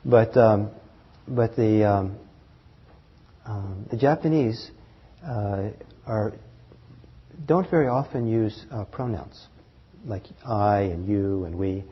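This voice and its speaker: A man teaching meditation to a live group, talking in a halting way with fillers, restarts and soft chuckles. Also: on the low side, breathy edge. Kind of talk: dharma talk to a group. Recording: dull lo-fi talk recording.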